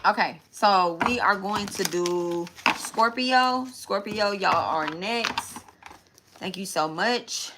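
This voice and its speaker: A woman's voice: mid-range voice, slow, very noisy. A young adult woman hosting a live tarot stream, chatting casually and repeating herself as she talks straight to her viewers.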